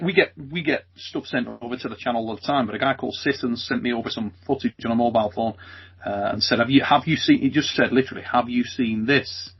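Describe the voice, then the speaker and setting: Jokey man interviewer, husky voice. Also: medium pitch. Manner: jokey, laughs often, says "mate" and "son". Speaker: interviewer and channel host. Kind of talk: casual interview. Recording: muffled lo-fi audio.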